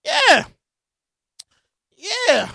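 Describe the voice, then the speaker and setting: A woman in her thirties hosting a solo podcast, telling stories in a casual, profane, animated way and acting out quotes loudly. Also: very high voice, extremely slow, gravelly, no room sound, studio quality. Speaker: podcast host.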